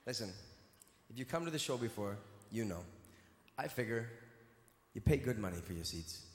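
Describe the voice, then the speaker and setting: A man's voice: medium pitch, lively intonation, moderate pace, a little hiss or hum. A man doing live stand-up comedy on a big stage, playfully teasing and bantering with the audience. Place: large live venue stage. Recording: echoey hall with long reverb, crowd ambience.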